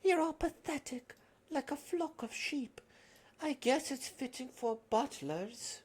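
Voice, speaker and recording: A woman's voice: sits high, slow pace, darkish tone, slightly rough, voice pushed up, heavily acted. Woman voicing a haughty young girl clan boss, bossy, cool, anime fan dub. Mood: scornful.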